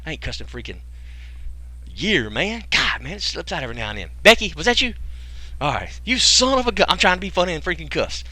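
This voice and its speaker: Excitable folksy man with a bright voice. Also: fairly high pitch, a little fast, dry recording. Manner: excitable, joking, folksy slang, lots of rhetorical questions. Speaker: webinar host pitching a business program. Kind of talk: casual sales pitch to a live online audience.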